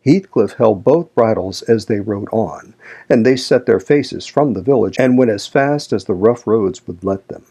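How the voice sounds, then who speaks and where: A man reading a classic novel aloud as audiobook narration, in a measured, slow, even delivery. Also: on the low side, breathy edge. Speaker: audiobook reader.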